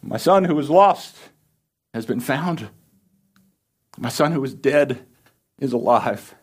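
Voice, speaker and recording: A man's voice: medium pitch, expressive, takes it slowly, slightly rough, pitched above the performer's own voice. A man acting out a joyful father who calls out to his servants to throw a feast for his returned son. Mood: jubilant. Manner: shouting with glee.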